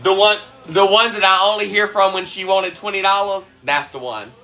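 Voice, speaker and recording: A man's voice: high-pitched, normal speed, bright, forceful tone, faint music behind, rough recording. A man from South Carolina with a Southern accent, hosting a casual cooking live stream and greeting viewers in a sassy, playful way. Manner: sassy, playful, drawls greetings, hums little sound effects.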